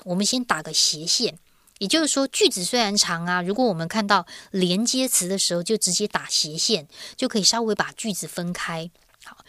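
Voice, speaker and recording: A woman teacher with a Taiwanese Mandarin accent walks through a grammar lesson at an easy pace. She speaks lively and clear, drawing out the ends of her sentences. The recording is dry and close. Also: mid-range voice, no echo. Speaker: Chinese teacher.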